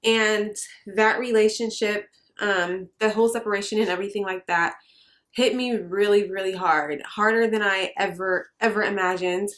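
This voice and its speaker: A woman's voice: mid-range voice, fairly even intonation, normal speed, a bit bright. A young adult woman telling her personal story straight to the camera in a vlog. She talks earnestly, hesitates often and sounds close to tears. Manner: earnest, hesitant with many fillers. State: emotional, near tears. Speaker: vlogger.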